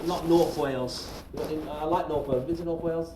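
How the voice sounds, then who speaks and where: A middle-aged man, a stand-up comedian telling a story on stage to a live audience in a chatty, animated way, swearing freely and often checking in with the crowd. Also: fairly high pitch, rapid-fire, hardly any pauses. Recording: roomy live-venue recording from a distance. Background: audience laughter and crowd noise.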